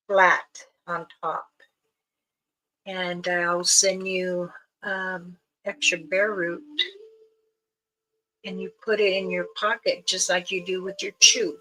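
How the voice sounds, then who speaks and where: An older woman, an elder and spiritual guide, telling a rambling story on her livestream, with many pauses and restarts. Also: lowish voice, pushed and bright, rough recording. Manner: meandering, with many fillers and restarts.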